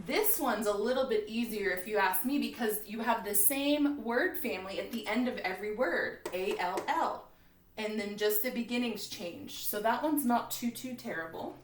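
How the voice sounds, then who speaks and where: Cheerful teacher woman in a roomy classroom. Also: medium pitch. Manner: cheerful, encouraging, sounds out words slowly. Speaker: second grade teacher. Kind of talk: recorded classroom lesson. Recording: roomy, from a distance.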